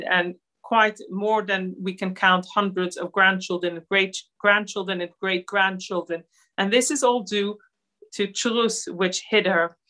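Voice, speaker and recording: A woman who grew up in Israel, giving an earnest talk over slides at a Holocaust centre, with many pauses and fillers. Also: mid-range voice, bright, forceful tone.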